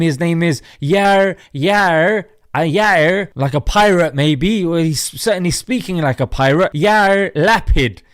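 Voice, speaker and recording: A man's voice: sits high, no echo, studio quality. A man hosting an informal news commentary, talking in a casual, sarcastic way. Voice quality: informal, sarcastic, peppered with "mate". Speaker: host.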